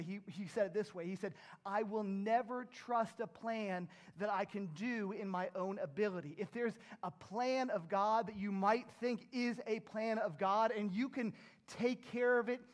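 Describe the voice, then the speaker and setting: A middle-aged man pastor preaching a sermon in an earnest, emphatic way, pushing up to strong rises. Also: sits high.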